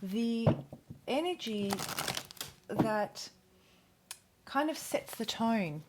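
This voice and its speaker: An Australian woman talks through a tarot spread in a relaxed, chatty vlog. She speaks slowly, and her pitch rises and falls a lot. A steady hiss and the clicks of shuffled cards sit under her voice. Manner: chatty, enthusiastic, self-interrupting. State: out of breath. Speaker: tarot reader. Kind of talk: casual tarot reading vlog.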